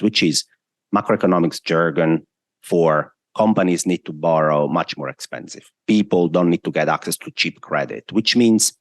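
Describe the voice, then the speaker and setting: A man's voice: sits low, no room sound, clean studio sound. A man, a guest analyst explaining the economy step by step in emphatic, list-driven answers.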